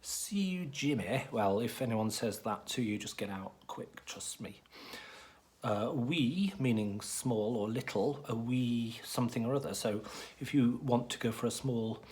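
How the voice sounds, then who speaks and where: A man giving a deadpan comic monologue as a mock professor, hesitant and rambling with many ums and restarts. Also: mid-range voice, measured pace. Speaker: comic presenter playing a professor.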